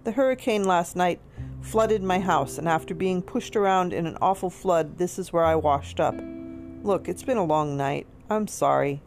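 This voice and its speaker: A woman reading aloud, voicing a gentle, polite female service dog who speaks earnestly. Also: fairly low pitch, normal speed, close to an everyday voice. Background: soft guitar music.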